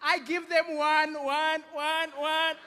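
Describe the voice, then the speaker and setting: A man's voice: extremely high pitch, expressive, unhurried, bright, forceful tone, exaggerated voice. A man voicing a boastful, corrupt older male uncle who speaks broken English on a stand-up stage with hall reverb. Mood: smug. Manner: broken English, smug and unbothered.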